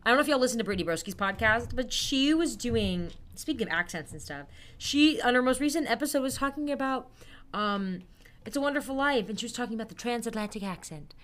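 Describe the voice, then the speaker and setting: A woman's voice: on the high side, animated, quick pace, fairly bright tone. Chatty, bubbly young woman podcaster. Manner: bubbly and chatty, laughs often, playful asides. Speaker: podcast host. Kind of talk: casual solo podcast advice.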